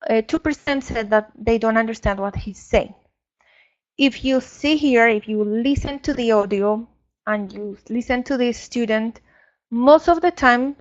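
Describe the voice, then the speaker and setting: Slow-talking woman trainer on muffled webinar audio. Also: on the high side. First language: Spanish. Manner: slow, explanatory, with frequent fillers. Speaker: English teacher trainer. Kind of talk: online teacher training lecture.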